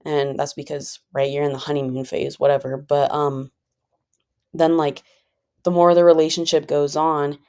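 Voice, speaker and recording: Low-voiced woman, rambling chat. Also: level tone, normal speed, darkish tone, clear, resonant tone. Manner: rambling, filler-heavy, conversational; calls herself a pretty chill person. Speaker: vlogger. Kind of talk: casual personal monologue.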